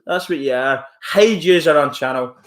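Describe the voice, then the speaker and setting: A man's voice: fairly high pitch, moderate pace. A man live-streaming from home, rambling casually as he reacts to chat messages and mocks a troll. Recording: roomy echo.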